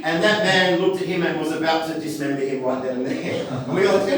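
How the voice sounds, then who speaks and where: A man's voice: a little high, a little fast. A man doing live stand-up comedy in character, chatty and self-deprecating, with asides to the crowd. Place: comedy festival stage before a live audience. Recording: echoey venue, mic at a distance.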